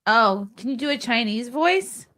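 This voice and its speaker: A woman hosting a podcast in casual panel chat, bubbly and teasing, quick to laugh. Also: fairly high pitch, lively intonation, sharp tone. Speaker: podcast host.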